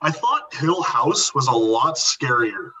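A man's voice: medium pitch, sing-song, takes it slowly, bright, forceful tone, breathy edge. A man giving his opinion in casual podcast chat, making his point with a vivid comparison. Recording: distant, dull mic with faint background noise.

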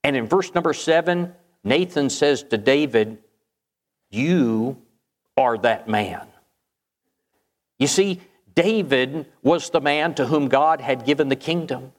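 A man's voice: a little high, normal speed. A man preaching a sermon, retelling a story and asking the listeners questions. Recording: long hall reverb.

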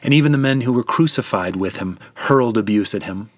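A man narrating as God the Father in a solemn, measured and tender dramatic scripture reading. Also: medium pitch, dry recording.

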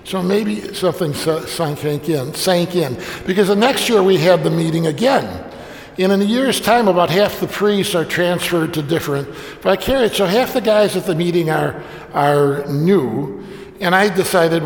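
Wry priest in an echoey hall. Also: male voice, a little high, lively intonation, normal speed. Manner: wry, self-deprecating storytelling. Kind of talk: humorous anecdote told to an audience. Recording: echoey hall with long reverb.

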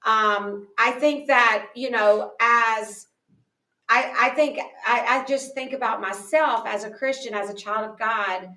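A woman's voice: on the high side, a little slow, pushed and bright. A woman guest in a casual podcast interview, speaking earnestly and with animation, often restarting her sentences. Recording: echoey room, distant mic.

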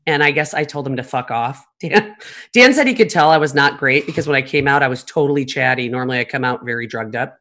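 Deep-voiced woman in her 50s, podcast host, chatty and swears a lot, big animated storyteller. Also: fast talker. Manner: animated, profane, laughing storyteller. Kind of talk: casual storytelling chat.

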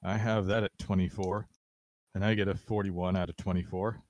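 Male player in a tabletop session; wry and casual, lowish, lively pitch, close dry sound. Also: normal speed, no room sound. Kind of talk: casual play chat.

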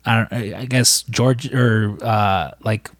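Low-voiced man recapping a film casually. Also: slow, dry recording, studio quality. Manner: rambling, profane, lots of fillers. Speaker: podcast co-host.

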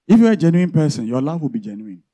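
A man preaching to his church, his voice dark and mellow. He keeps asking the congregation questions as he goes. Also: a little high, big pitch swings, fast talker. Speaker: pastor. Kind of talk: sermon.

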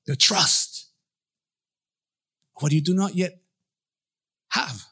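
A middle-aged male pastor delivers an energetic sermon with a high voice and a bright, forceful edge. He slips into little acted-out voices and quotes as he preaches. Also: drawn-out words, husky. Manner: animated, acts out voices and dialogue.

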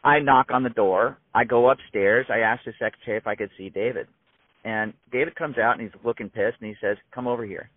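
A man in his fifties, a musician guest telling an emphatic, animated story in casual conversation, heard over a tinny phone-like line. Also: mid-range voice, fairly quick, no room sound. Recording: tinny phone-like dry sound.

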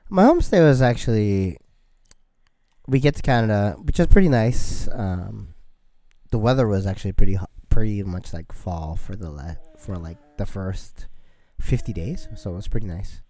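Low-voiced man, hesitant casual chat. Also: expressive, normal speed, mellow, no echo. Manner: hesitant, lots of ums. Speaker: podcast co-host.

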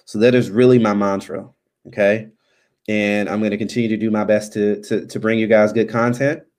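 A man's voice: lowish voice, little pitch movement, a little fast, a little mellow. A man hosting a live stream, chatting loosely as he signs off, with many ums and restarts. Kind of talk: casual live stream sign-off chat.

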